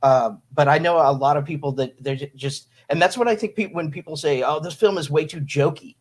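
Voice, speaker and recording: A man's voice: fairly high pitch, a little fast. A man co-hosting a casual movie review, giving his opinions in rambling, self-correcting sentences. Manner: rambling, many restarts while giving opinions. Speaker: podcast co-host.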